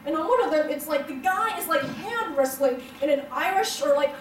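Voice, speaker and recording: A young female stand-up comedian performs a set before a live audience in a hotel event room, rambling through comic stories with lots of fillers and frequent bursts of laughter. Her high voice is expressive and a little fast. The sound is roomy and distant, with a faint murmur of the room and slight background noise.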